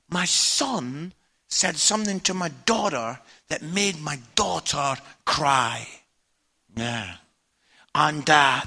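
High bright-voiced preacher. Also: male voice. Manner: candid, humorous, animated storytelling. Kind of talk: sermon with personal storytelling. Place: church stage with an audience.

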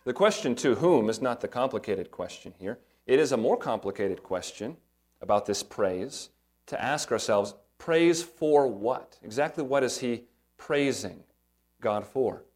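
A man's voice: medium pitch, expressive, normal speed. Man preaching an emphatic sermon. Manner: earnest, emphatic preaching with rhetorical questions. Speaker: pastor.

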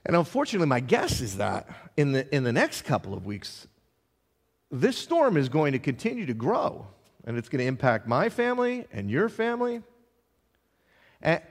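A middle-aged man, a pastor, preaching a sermon with passion, stumbling over repeated words and swinging between loud and soft. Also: medium pitch. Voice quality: impassioned, with dramatic swings in loudness and repeated words. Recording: long hall reverb.

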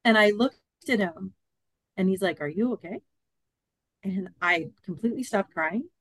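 Animated woman storyteller, dry close sound. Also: mid-range voice, normal speed, slightly rough, no echo. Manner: animated, acts out quoted dialogue. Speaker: podcast guest. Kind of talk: storytelling in an interview.

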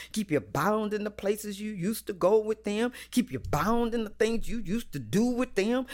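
A woman preaching a sermon in a rhythmic, repetitive cadence, swinging between hushed whispers and loud cries. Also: medium pitch.

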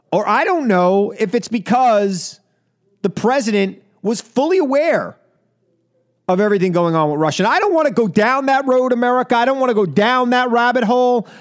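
A man hosting a political talk radio show, delivering an indignant, emphatic monologue with lots of repetition. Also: high voice. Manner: indignant, emphatic, repeats for effect.

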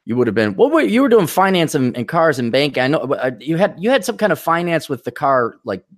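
A man's voice: fairly high pitch, big pitch swings, quick pace. Rambling man hosting a casual chat. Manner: rambling, loose, with many fillers and restarts. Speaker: podcast host.

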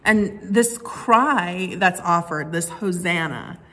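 Slow, low-voiced woman preaching. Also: sharp tone. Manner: conversational, with many fillers and restarts. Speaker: pastor. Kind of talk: sermon.

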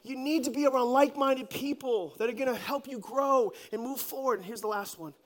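A man pastor preaching a sermon as an animated, joking storyteller. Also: very high voice, fairly quick. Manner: animated, joking storyteller who acts out scenes.

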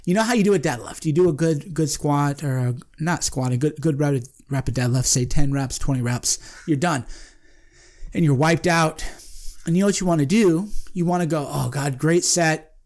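A man's voice: a little high, moderate pace, a little mellow. Emphatic man hosting a podcast. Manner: emphatic, self-interrupting, repeats phrases. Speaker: podcast host. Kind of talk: casual monologue.

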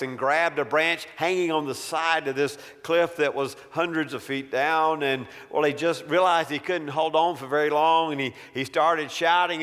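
A man preaching a sermon, telling a story in a measured and emphatic way. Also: fairly high pitch, fairly bright tone, big-room sound.

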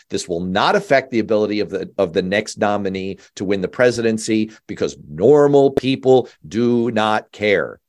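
A man hosting a political talk show, wry and quick to joke. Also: mid-range voice. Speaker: host.

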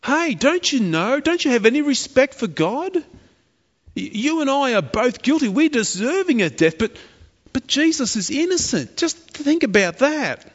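A man's voice: very high voice, big pitch swings, moderate pace, big-room sound, highs cut off, pitched above the performer's own voice, exaggerated voice. A man voicing a repentant criminal who speaks earnestly and pleads for mercy. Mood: urgent.

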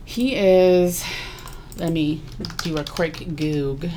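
A woman's voice: sits low, extremely slow, warm tone, a little hiss or hum. A woman co-hosting a podcast, talking in a chatty, rambling way with lots of fillers. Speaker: podcast co-host. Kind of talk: casual chat.

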